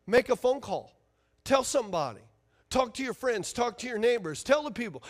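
A man's voice: extremely high pitch, sing-song, normal speed. A man preaching a sermon as pastor, emphatic and fiery, firing rhetorical questions at his congregation.

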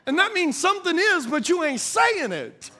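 High-voiced man preaching with humor. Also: very animated, normal speed, bright, forceful tone. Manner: playful, calls out to the audience for agreement; conversational, drops into folksy slang. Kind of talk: humorous sermon.

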